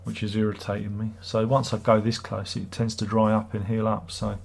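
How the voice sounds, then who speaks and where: A man's voice: fairly low pitch, completely flat delivery, brisk, creaky, slightly rough. A middle-aged man hosts a livestream, chatting casually and reading viewer comments in a sarcastic, rambling way. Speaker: livestream host.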